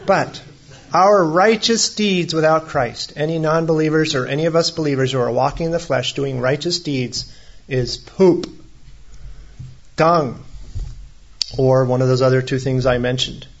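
A man's voice: a little high, a little slow, creaky, highs cut off. A man preaching a sermon as a pastor, in a conversational way with humorous asides.

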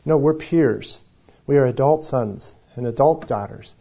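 An older male pastor preaches in a conversational, folksy way, mixing jokes with scripture. His voice sits at a middle pitch. The recording sounds somewhat dull and lo-fi. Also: unhurried, gravelly, warm tone, slightly rough. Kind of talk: sermon.

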